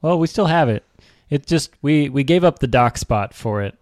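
A man's voice: fairly high pitch, lively intonation, moderate pace, a little mellow, no echo, clean studio sound. A man co-hosting a podcast, telling a meandering story full of fillers and laughing through it. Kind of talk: casual storytelling.

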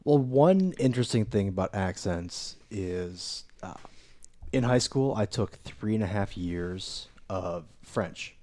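A man chatting on a podcast in a measured, wry way, with filler uh's. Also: fairly low pitch, expressive, darkish tone. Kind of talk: casual podcast chat.

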